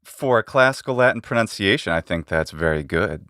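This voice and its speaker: A man guesting on a talk show as a linguist, calmly explaining pronunciation. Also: lowish voice, fairly quick, no echo, studio quality. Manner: calm, explanatory.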